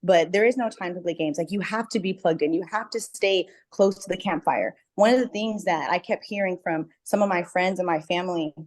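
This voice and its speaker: A woman's voice: on the low side, a little fast, few pauses, darkish tone. A woman on a group call, speaking earnestly and emphatically, repeating words for stress. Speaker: book club member about to host an event. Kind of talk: casual call sharing. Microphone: video call.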